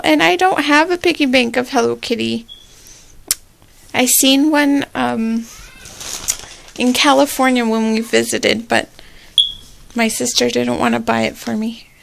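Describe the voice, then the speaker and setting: A woman vlogger chatting casually through an unboxing, gushing and excitable, with squealing exclamations. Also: high-pitched, creaky.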